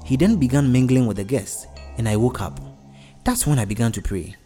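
A man's voice: medium pitch, animated, brisk, dark tone, faint music behind, lightly acted. A man voicing an earnest, devout wife who talks insistently to her husband.

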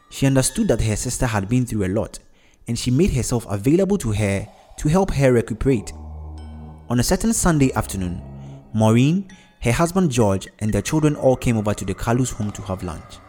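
A man narrating a story in a measured, even delivery. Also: medium pitch. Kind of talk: storybook narration with character voices.

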